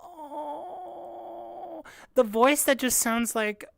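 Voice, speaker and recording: A young woman streaming a live music reaction, gushing and excitable, with lots of filler words. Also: mid-range voice, measured pace, clear, resonant tone, no room sound, clean studio sound. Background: faint album music playing.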